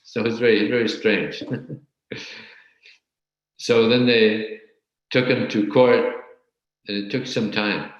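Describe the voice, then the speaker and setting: A man teaching a scripture class and telling a story in a halting way, often repeating words. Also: lowish voice, fairly even intonation, lo-fi sound. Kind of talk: storytelling religious lecture. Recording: very echoey room.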